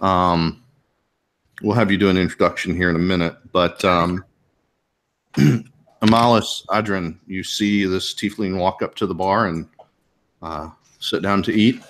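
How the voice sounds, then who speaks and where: Deep-voiced game master, halting. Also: male voice, steady tone, a bit bright. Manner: halting, many fillers and throat clearing. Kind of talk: narrating a tabletop game livestream.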